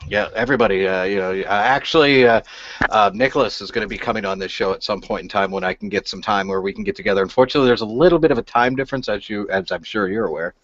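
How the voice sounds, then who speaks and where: A man's voice: on the low side, fast talker, a bit bright, a little hiss or hum. An older man hosting a casual podcast chat, easygoing and rambling with plenty of fillers. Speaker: podcast host. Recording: dull lo-fi dry sound.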